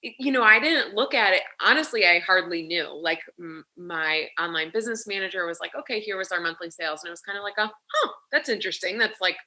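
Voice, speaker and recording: A woman's voice: fairly low pitch, quick pace, few pauses, sharp tone. A woman guest and business coach in casual interview chat, talking freely with many "like" and "you know" fillers. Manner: chatty, restarts and fills with "like" and "you know".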